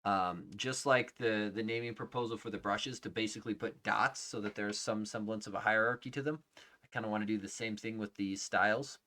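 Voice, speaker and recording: A man live-streaming his coding, reading out names as he checks them and thinking aloud, often trailing off into quiet murmurs. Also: on the low side, steady tone, fairly quick. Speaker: livestreaming software developer. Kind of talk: casual live-coding commentary.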